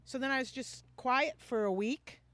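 A woman who leads a missions ministry, telling a personal testimony in an animated way and acting out the dialogue. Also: high-pitched, normal speed, no room sound.

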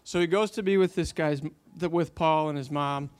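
A man's voice: on the high side, normal speed, clean tone. A man telling a long faith story in casual conversation, animating the quotes he tells, with many fillers.

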